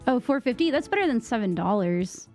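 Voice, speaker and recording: A young woman from Massachusetts with a Boston accent, chatting casually with her stream viewers, rambling with lots of fillers, on a boom-arm mic at home. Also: sing-song, brisk, a little mellow, faint music behind. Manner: rambling, many fillers and restarts. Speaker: live streamer. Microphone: microphone on a boom arm.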